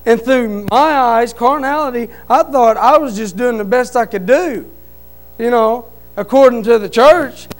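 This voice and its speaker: A man giving an emotional church testimony in plain, folksy speech, repeating his phrases and swinging between loud fervent cries and quiet, hushed stretches. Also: very high-pitched, measured pace, rough recording. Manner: fervent, rising to loud cries then dropping to a quiet hush.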